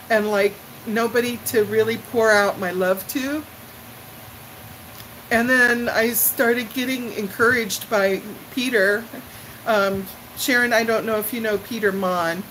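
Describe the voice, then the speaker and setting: A woman's voice: medium pitch, a little hiss or hum, rough recording. An older woman chatting live with her viewers, emotional and tearful as she gushes her thanks. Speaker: livestream vlogger. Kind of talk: casual live chat with viewers.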